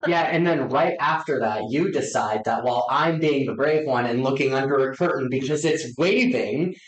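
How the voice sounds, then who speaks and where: Animated male podcast host, echoey room. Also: mid-range voice, normal speed. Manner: animated storyteller, acts out his own reactions. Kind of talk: casual chat. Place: inside an old hospital building. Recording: echoey room in an old building.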